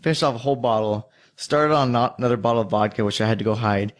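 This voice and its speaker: A young man tells a rambling story in casual chat, swearing freely and laughing between lines. His voice sits in an ordinary middle pitch. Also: fast.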